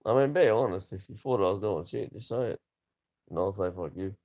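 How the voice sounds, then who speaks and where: Aussie guy in his 30s, lowish voice, rambly casual vlog chat, swears a lot. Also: brisk, a little mellow. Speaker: vlogger.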